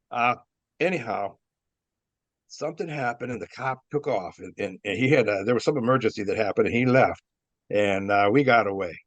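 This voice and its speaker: A man's voice: lowish voice, normal speed, pauses often, dry recording. An older man, a former wrestler, telling rambling stories with chuckles, fillers and restarts. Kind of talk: rambling storytelling. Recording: dull dry lo-fi sound.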